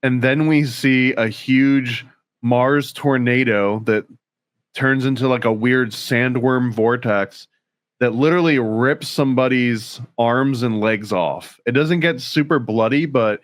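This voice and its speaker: A man's voice: mid-range voice, takes it slowly, dry recording. Wry man in a dry podcast booth. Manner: wry, joking, retells plots. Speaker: podcast co-host. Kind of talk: casual chat.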